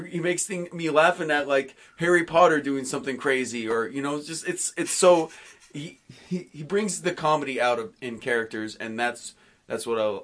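Rambling excitable man, casual comics chat. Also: on the high side. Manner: excitable, rambling with many restarts and fillers. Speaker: podcast co-host.

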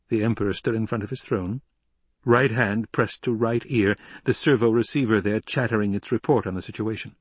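Husky guy reading a novel aloud, dry close sound. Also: on the low side, no echo. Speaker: audiobook narrator. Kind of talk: scripted narration.

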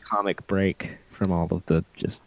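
A man co-hosting a casual podcast, making relaxed, dry remarks. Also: sits low, measured pace, no echo. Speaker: podcast co-host. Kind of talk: casual chat.

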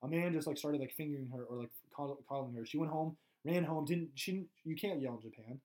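A man's voice: fairly high pitch, quick pace, mellow. A young man co-hosting a podcast, chatting loosely and joking, with lots of fillers and restarts. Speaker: podcast co-host. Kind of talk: casual podcast banter.

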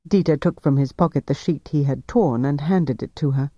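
Man reading a novel, mellow dark voice, dry dull lo-fi sound. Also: fairly high pitch, steady tone, moderate pace, hardly any pauses, no room sound. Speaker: audiobook narrator. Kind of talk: scripted novel narration.

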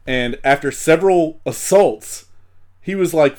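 A man's voice: medium pitch, moderate pace. A man co-hosting a comedy podcast, casually recounting events with fillers and swearing. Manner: relaxed, profane recounting with fillers. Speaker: podcast co-host.

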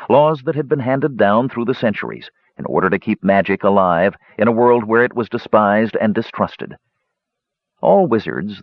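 Expressive low-voiced male fantasy narrator. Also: no room sound, dull audio. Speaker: audiobook narrator. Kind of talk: dramatic fantasy audiobook narration.

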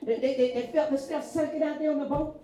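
High-voiced woman preaching fervently. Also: steady tone, fast. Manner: fervent, rising to shouts, repetitive call-outs. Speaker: pastor. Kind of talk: sermon. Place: church. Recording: echoey room from far off, music behind.

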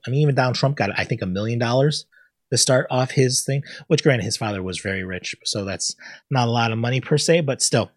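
Male solo host, husky and dry, blunt ranting delivery with lots of swearing. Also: lowish voice, no echo. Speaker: podcast host. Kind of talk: casual solo commentary.

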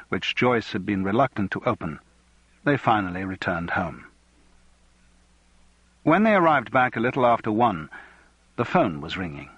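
A man reading a novel aloud as audiobook narrator, measured and even. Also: lowish voice, breathy edge, dry recording, lo-fi sound. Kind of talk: scripted narration.

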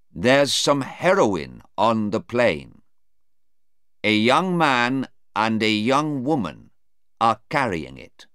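A man's voice: mid-range voice, smooth, no room sound, clean studio sound, pitched above the performer's own voice. A man reading aloud voices a hesitant male airport policeman answering in court. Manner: hesitant, deferential. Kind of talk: read-aloud storybook dialogue.

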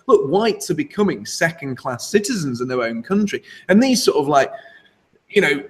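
A man with a slightly raised pitch talks on a casual talk show. He is emphatic and animated and laughs often. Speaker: co-host.

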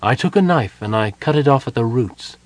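A man voicing a calm, devout young woman prisoner who speaks softly but firmly. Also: medium pitch, moderate pace, no echo, voice pushed up, lightly acted. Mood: serene.

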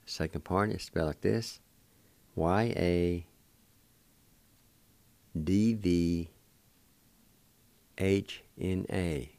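A man's voice: low voice, fairly even intonation, creaky, a little mellow, dry recording. An older man hosting a radio show, patiently spelling and sounding out words syllable by syllable. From Cherokee Nation, Oklahoma. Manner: slow, patient, repeats each syllable. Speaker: radio host teaching Cherokee words. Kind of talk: slow spelled-out language lesson.

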